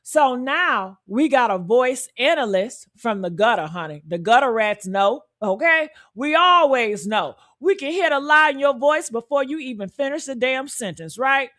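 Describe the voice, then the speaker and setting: A woman's voice: high-pitched, expressive, normal speed, few pauses, a bit bright. A woman hosting true-crime commentary in a sassy, emphatic style, repeating her points and calling her viewers honey and y'all. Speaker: commentary channel host.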